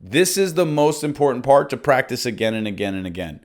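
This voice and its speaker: Talking fast in a mid-range voice, a young man teaches a course lesson on phone scripts for real estate agents. He's confident and full of energy, acting out each cold-call line aloud.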